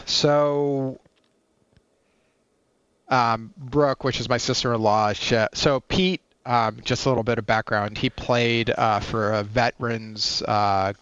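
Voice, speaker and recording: A man's voice: medium pitch, fairly even intonation, slow pace, a bit bright, clear, resonant tone, dry recording, dull audio. A man in his forties, a podcast guest telling a personal story in a rambling way, full of fillers and restarts. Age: 40s.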